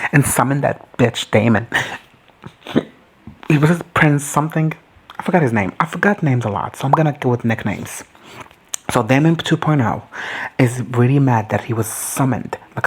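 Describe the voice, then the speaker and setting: Brief: husky-voiced recapper, loose and jokey, swearing freely, middle-pitched. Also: lively intonation, normal speed, rough recording. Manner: rambling, profane and joking. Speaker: TV show recap commentator. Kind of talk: casual comedic recap.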